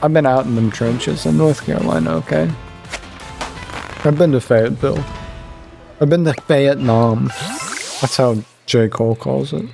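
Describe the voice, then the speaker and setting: A young man from Virginia chatting casually while playing a game, rambling and joking, jumping up in pitch to make a point. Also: moderate pace, gravelly, long pauses, dark tone, faint music behind. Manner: rambling, joking, jumps into higher pitch for emphasis. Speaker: gaming streamer. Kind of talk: casual gameplay commentary.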